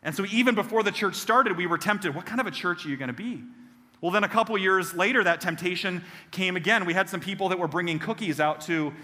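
A pastor delivers an animated sermon. His voice is bright and pitched a little high, and he acts out the people in his stories. The sound carries a long reverb from the church sanctuary. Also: fast. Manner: animated, acts out quoted voices with self-deprecating humor. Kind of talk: sermon with personal storytelling.

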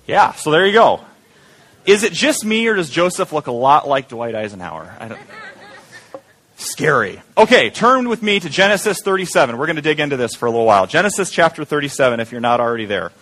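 A man's voice: fairly high pitch, big pitch swings, a little fast, fairly bright tone. A man preaching a sermon as pastor, joking with the congregation and having them repeat words back. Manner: jokey, engaging the audience with call-and-response.

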